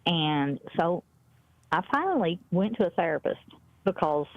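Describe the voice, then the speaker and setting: A woman's voice: on the low side, big pitch swings, measured pace, vocal fry, no room sound. A woman, calling in and telling a story bluntly in casual chat. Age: 50s. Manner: blunt storytelling, quoting others. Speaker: caller. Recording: muffled dry phone-in audio.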